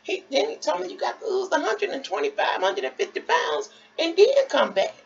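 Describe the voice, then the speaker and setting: A woman vlogger tells a story in a lively voice that swings up and down a lot. Her voice has a gravelly, fry-heavy texture. The recording is dull and lo-fi, with faint background noise. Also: high-pitched, normal speed. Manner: animated, expressive, acts out quotes. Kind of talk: casual storytelling.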